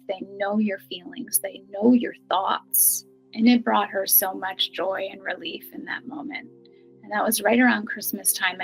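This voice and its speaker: A middle-aged woman telling a personal story earnestly, some lines hushed and some bright. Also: medium pitch, low-quality recording. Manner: earnest, emotional, shifts between hushed and bright. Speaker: guest telling her experience.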